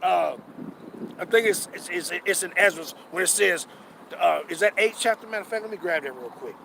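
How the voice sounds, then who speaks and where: A man street-preaching a sermon outdoors, fervent and profane. He repeats himself and reads scripture slowly. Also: sits high, gravelly. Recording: loud street noise behind.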